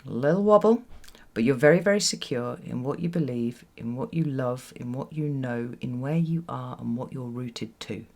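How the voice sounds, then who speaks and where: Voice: mid-range voice, moderate pace, creaky, hardly any pauses, a little mellow. A tarot reader giving a solo reading to camera in a reflective way, often repeating words for emphasis and checking in with "right?". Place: home with children nearby.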